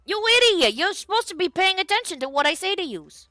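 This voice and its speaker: A short, bossy bandit ringleader barks orders in a thin, piping voice that keeps jumping high , as a woman puts him on. He sounds impatient and exasperated, snapping at his dimwitted partner. The recording is dry and close. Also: sing-song, fairly quick, fairly bright tone, dry recording. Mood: furious. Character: short scheming male bandit leader, bossy.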